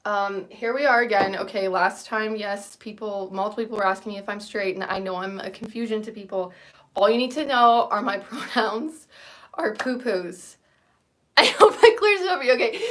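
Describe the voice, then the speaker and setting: A woman in her thirties hosting a casual livestream chat, rambling and self-deprecating and often laughing. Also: medium pitch. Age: 30s. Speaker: livestream host.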